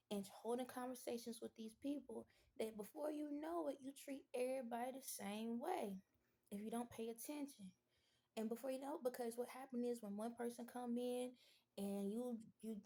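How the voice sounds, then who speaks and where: A woman in casual talk to camera, speaking with a slightly high voice. Her tone is mellow and soft-edged. She tells stories animatedly, breaking into little acted-out pitches and customers. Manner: informal, exclamations to the Lord. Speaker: vlogger.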